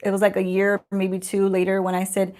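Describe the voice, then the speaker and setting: A woman's voice: mid-range voice, monotone, a little fast, darkish tone. A woman, hosting a casual beauty livestream from home in a chatty, sarcastic, laughing way. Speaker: beauty channel host.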